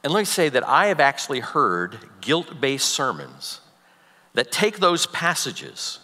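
A man preaching a sermon as a pastor, animated, swinging from loud emphasis to soft, near-whispered passages. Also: medium pitch, measured pace, in a large hall.

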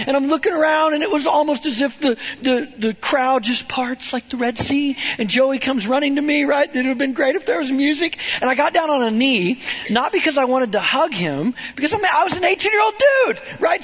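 A man preaching a storytelling sermon in an animated, conversational way, often checking in with "right?". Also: very high-pitched, brisk.

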